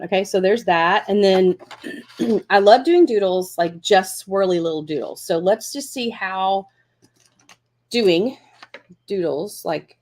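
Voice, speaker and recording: A woman's voice: medium pitch, a little mellow, slight background noise. A woman hosting a live crafting lesson, chatting encouragingly and thinking aloud as she works. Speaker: craft class host.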